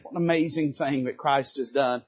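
A man preaching a sermon from a church pulpit, emphatic and lively, swinging between loud bursts and quiet asides and joking with the congregation. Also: mid-range voice, normal speed, slightly rough, muffled recording. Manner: quips to the congregation. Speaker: Baptist preacher.

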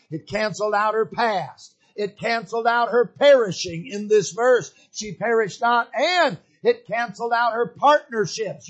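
A man with a notably high-pitched voice preaching a sermon. He talks in a homespun, storytelling manner, circling back over his phrases and filling pauses with frequent fillers. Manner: folksy, storytelling with many uh fillers and repeated phrases.

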